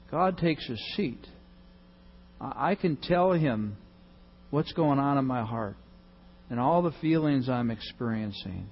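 A male pastor giving a sermon, swinging between loud emphasis and soft, hushed reading. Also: medium pitch, husky, dull audio.

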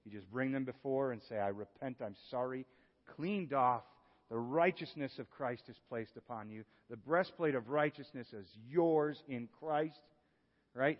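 A male pastor preaching a sermon, moving from hushed, earnest passages to lively exclamations. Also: medium pitch. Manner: animated, swings from hushed to exclaiming. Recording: dull sound with long hall reverb.

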